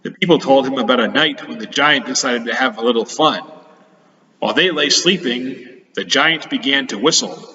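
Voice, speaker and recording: A man teaching children, reading a storybook aloud in a playful, chatty and expressive way. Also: medium pitch, normal speed. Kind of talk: storybook read-aloud for kids. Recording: echoey hall, dull lo-fi sound.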